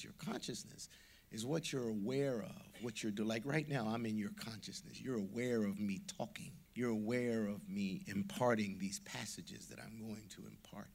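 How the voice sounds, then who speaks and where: A man preaching a sermon as a pastor, earnest and teaching, with breathy asides. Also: mid-range voice.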